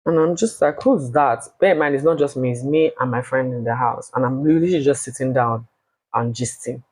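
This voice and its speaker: A woman with a Nigerian accent telling a personal story in a casual, blunt and animated way, swearing freely. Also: very deep voice, fairly quick, breathy edge, no room sound, rough recording.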